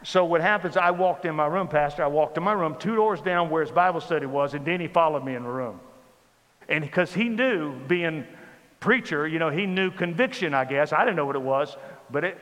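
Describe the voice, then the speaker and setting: An older man preaching a testimony sermon, acting out dialogue and swinging from loud bursts to hushed tones. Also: a little high, a little fast. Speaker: pastor. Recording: long hall reverb.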